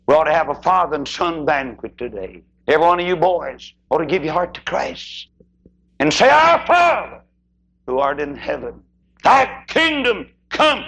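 Gravelly older preacher man. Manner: preaching with sudden swoops in pitch and loudness, shouting at peaks. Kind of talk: sermon.

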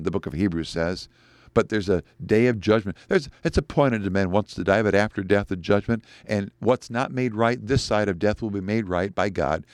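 A middle-aged male pastor preaching a sermon, animated and climbing high in pitch whenever he quotes scripture. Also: dry recording, clean studio sound.

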